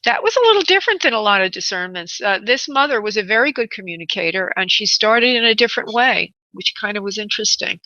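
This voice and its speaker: A woman's voice: medium pitch, lively intonation, fast talker, few pauses, pushed and bright, dry recording, highs cut off. A woman hosting a live radio psychic reading, tender and affectionate and calling her callers honey and sweetheart. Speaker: psychic medium and radio host.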